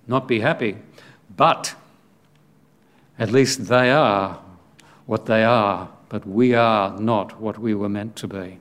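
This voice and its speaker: Male preacher, unhurried sermon delivery, measured and questioning. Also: medium pitch. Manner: slow, deliberate, with rhetorical questions.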